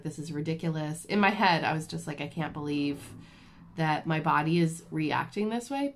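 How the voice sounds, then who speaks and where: A woman vlogger telling a personal story in a casual, animated, self-deprecating way with lots of fillers. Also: on the low side. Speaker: crafting vlogger.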